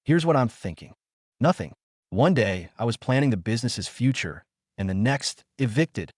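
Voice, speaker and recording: A man telling a first-person story in scripted narration, bitter and emotional. His pitch swings widely from line to line, and the sound is dry and close with no room. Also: expressive, moderate pace, no echo.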